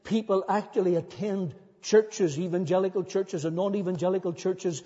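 Husky high-voiced pastor preaching in reverb. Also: male voice, fairly even intonation, moderate pace, warm tone. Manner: earnest, building to emphatic repetition. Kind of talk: sermon. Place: church. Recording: long church reverb, dull lo-fi sound.

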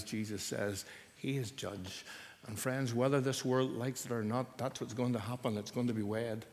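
An older man preaching a sermon, earnest and building at times to loud, forceful emphasis. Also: lowish voice, in a large hall.

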